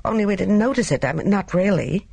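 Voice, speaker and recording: An audiobook reader voicing a hesitant, eager young woman who talks in a rush, in a gravelly voice. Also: mid-range voice, animated, quick pace, a little mellow, no echo, pitched above the performer's own voice.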